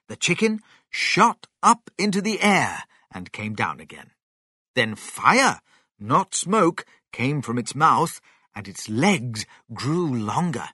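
Brief: male storyteller, slow and animated, bright close-miked dry read. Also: medium pitch, slightly rough, no room sound. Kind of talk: children's story reading.

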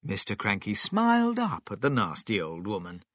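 A man reading a children's story aloud with slow, expressive narration. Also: lowish voice, dry recording, studio quality.

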